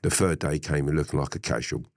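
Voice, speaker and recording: Very deep-voiced man telling a story. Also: fast talker, no room sound, clean studio sound. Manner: animated storyteller, laughs and swears freely. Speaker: interviewee. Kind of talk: casual storytelling.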